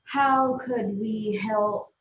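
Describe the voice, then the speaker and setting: A woman's voice: medium pitch, fairly even intonation, very slow, echoey room, highs cut off, a little hiss or hum. A woman interviewing a guest in a casual chat, blunt and profane as she asks direct questions. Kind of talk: casual live-stream chat. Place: by a pool.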